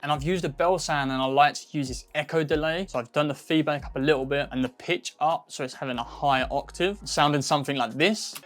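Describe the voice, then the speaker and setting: A man with a slightly higher voice explains music production settings one step at a time. His delivery is relaxed and casual, full of little filler words. Faint music plays beneath his voice-over. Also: fairly quick, few pauses. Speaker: music producer tutorial host. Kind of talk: screen-recorded production tutorial.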